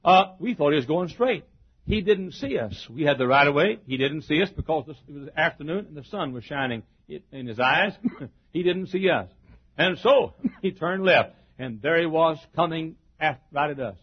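A man preaching a sermon, telling stories, breaking into shouted exclamations and chuckles. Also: a little high, expressive, moderate pace, breathy edge. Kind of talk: sermon with storytelling. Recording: dull lo-fi recording.

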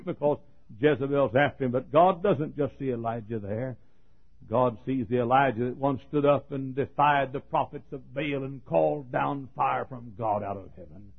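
A man preaching a sermon, swinging from ringing shouts down to near-hushed asides. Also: mid-range voice. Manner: builds to ringing shouts, then drops to a hush. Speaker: pastor. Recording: phone-like narrow band.

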